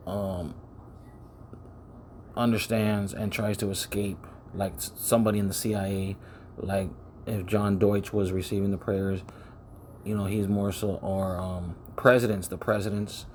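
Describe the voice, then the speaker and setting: Man, rambling solo preaching, repeats words, lowish voice, faint background hum, close mic. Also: a little mellow. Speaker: self-styled preacher. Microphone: close to the microphone.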